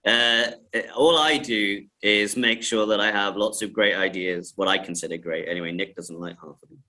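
A film director with a lowish, bright, forward voice. He tells stories in an animated way, laughing often and stumbling into repeats as he talks. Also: moderate pace, rough recording. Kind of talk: casual interview talk.

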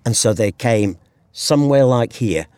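A man's voice: medium pitch, expressive, a little slow, darkish tone, smooth, dry recording. A British man explaining a Bible story in an earnest, conversational way on a hilltop, with rhetorical asides. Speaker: Bible teacher guest. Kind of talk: outdoor conversational Bible teaching. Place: hilltop cliff edge outdoors.

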